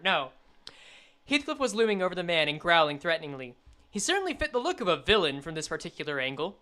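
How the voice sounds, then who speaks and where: A young woman streaming a game, chatting and reading the story aloud, animated and quick to laugh. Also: mid-range voice.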